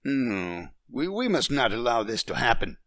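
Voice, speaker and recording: A man's voice: medium pitch, big pitch swings, moderate pace, a bit bright, dry recording. A man voicing a stubborn, domineering French husband past fifty who speaks sternly and commands.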